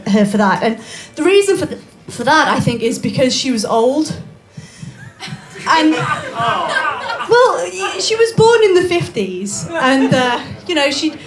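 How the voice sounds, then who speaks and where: High-voiced woman doing stand-up. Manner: chatty, self-mocking, with quick asides and restarts. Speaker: stand-up comedian. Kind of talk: live stand-up comedy. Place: small comedy bar stage.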